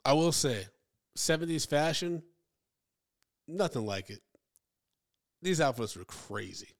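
Animated male podcast co-host. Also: fairly high pitch, takes it slowly. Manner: animated, jumps between mumbled asides and excited outbursts. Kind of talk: casual chat.

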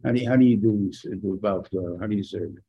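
An older rabbi teaches an informal class, talking casually and asking his listeners questions. His voice is dark, gravelly and husky. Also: lowish voice, fast talker, muffled recording. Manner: conversational, asks the listeners rhetorical questions. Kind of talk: informal Torah lecture.

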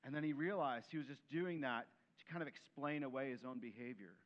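A man preaching a sermon in an animated way, acting out quoted voices and dropping to soft, gentle tones. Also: mid-range voice, a little fast, highs cut off. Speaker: pastor.

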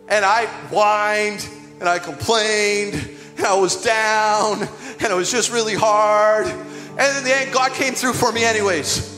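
A man's voice: sits high, fairly bright tone. A man preaching a sermon as pastor, emphatic and calling out to his congregation. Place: church hall. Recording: echoey hall with music behind.

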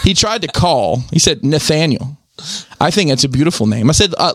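Animated man telling a story, laughing. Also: fairly high pitch, brisk, no room sound. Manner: animated, acts out both sides of a chat with a scammer. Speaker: podcast host. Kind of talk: casual storytelling chat.

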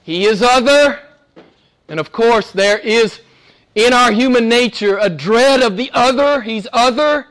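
A man with a Southern American accent preaching a sermon with passion, swinging between loud emphasis and hushed asides. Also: extremely high pitch, a little slow. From Southern United States. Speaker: pastor.

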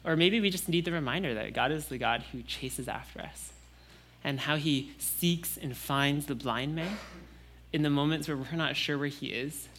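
A young man preaching a Sunday sermon in a relaxed, conversational way, with casual fillers and restarts. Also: fairly high pitch, moderate pace.

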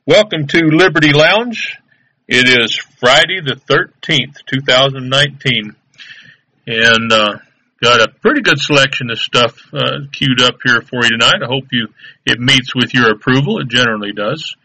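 A man's voice: medium pitch, normal speed, bright, forceful tone, poor audio. A man hosting a live internet radio show, chatting casually and rambling easygoingly with fillers.

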